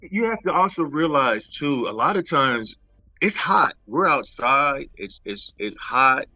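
A medium-pitched man, speaking a little slowly, recounts shoot stories in an interview, animated and casual, laughing a lot and performing the quotes. There's no room sound, and the highs are cut off.

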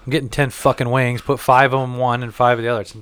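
Dude cussing and ranting, mid pitch, dry close sound. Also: male voice, level tone, quick pace, fairly bright tone, smooth, no echo. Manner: profane, ranting. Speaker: co-host. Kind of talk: casual chat.

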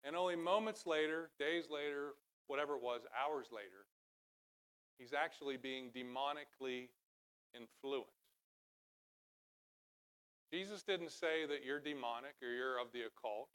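A middle-aged man preaching a sermon from a church stage, talking conversationally and then building to loud, emphatic passages. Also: mid-range voice, a little slow, long pauses, clean tone. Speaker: pastor.

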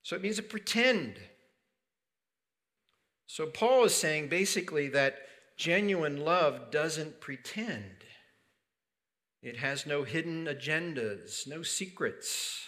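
A man's voice: a little high, expressive, takes it slowly, long pauses, a bit bright. A man preaching a sermon in a conversational way, asking rhetorical questions and adding light humor. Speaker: pastor.

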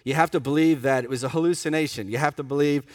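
A man preaching a sermon in a conversational, animated way, reading scripture and adding casual asides. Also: fairly high pitch, quick pace, no echo, studio quality. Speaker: pastor.

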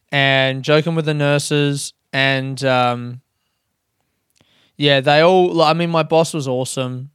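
A man's voice: fairly high pitch, clean tone, no echo, clean studio sound. A young Australian man hosting a podcast, casually telling a story, swearing and mocking himself, laughing often. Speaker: podcast host.

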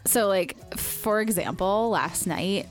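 Podcast co-host, woman, 30s, chatty storyteller, soft music bed. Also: mid-range voice, takes it slowly. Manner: chatty storyteller, animated quoting, laughs often. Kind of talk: casual chat.

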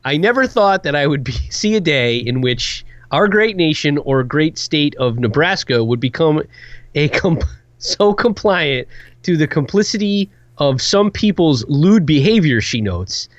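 Animated, sarcastic male podcast host. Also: fairly high pitch, a little slow, no echo, lo-fi sound. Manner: sarcastic, animated reading with mocking asides. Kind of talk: casual podcast chat, reading news aloud.

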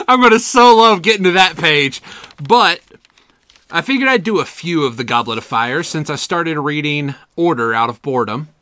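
A man co-hosting a podcast, telling stories in animated, casual, profane banter. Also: on the high side, a little slow, dry recording, clean studio sound. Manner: animated storyteller, swearing, laughing often. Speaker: podcast co-host.

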